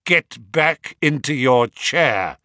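Stern, cool detective, read by a man: quiet authority, lively pitch; storybook reading, dry sound. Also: a little slow, no room sound. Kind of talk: audiobook character reading.

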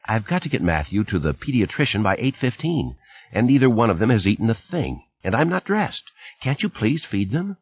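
Man doing stressed young mom, husky, lifted pitch, dull dry recording. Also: sing-song, fairly quick, no room sound, heavily acted. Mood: pleading. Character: young wife and mother, harried, teasing.

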